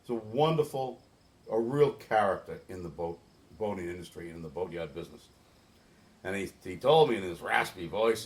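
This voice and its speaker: A man's voice: low voice, normal speed. Earnest middle-aged man telling stories. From New England. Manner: earnest, animated storyteller with frequent restarts. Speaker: interview guest, boatyard volunteer organizer. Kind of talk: storytelling in a podcast interview.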